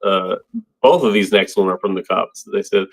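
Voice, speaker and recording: A man with a low voice co-hosts a casual movie podcast, speaking at a normal speed. He rambles and laughs often while reading out his favorite lines.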